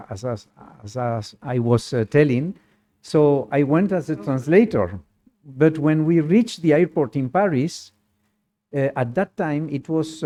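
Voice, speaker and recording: A man recounts a personal anecdote in slow, halting, non-native English, with small grammar slips along the way. His voice is mellow and dark. He tells it in a lively way and laughs easily. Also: medium pitch. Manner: lively storyteller who laughs often.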